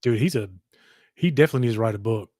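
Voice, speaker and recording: A man co-hosting a podcast in casual chat, excitable and profane. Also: on the low side, racing, very noisy.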